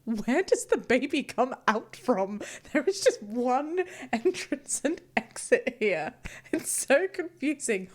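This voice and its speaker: A woman's voice: sits high, sing-song, takes it slowly. A woman hosting a casual reaction vlog, reading posts aloud and laughing often between remarks. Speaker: YouTuber host.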